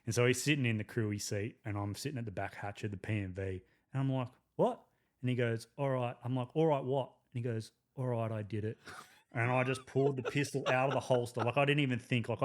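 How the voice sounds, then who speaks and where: A man's voice: mid-range voice, fast talker. An Australian man telling army stories as a podcast guest, swearing freely and breaking into laughter. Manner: profane, animated storytelling with laughs. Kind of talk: casual storytelling.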